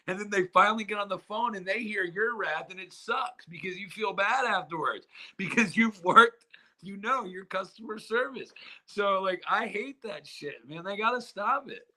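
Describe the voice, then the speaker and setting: A man chatting casually on a podcast in a fairly high, bright voice. His talk is loose and slangy, with "dude," "bro" and the odd curse word. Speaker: podcast co-host.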